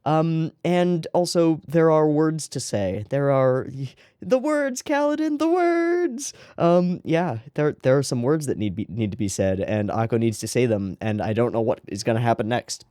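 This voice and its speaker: An anime reaction host talking casually and excitably, rambling into giggly asides while watching an episode. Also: mid-range voice, normal speed, few pauses, no room sound, clean studio sound.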